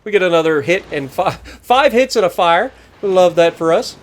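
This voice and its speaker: Animated male gameplay commentator. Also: sits high, normal speed. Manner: animated, joking, teasing opponents. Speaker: gaming channel host.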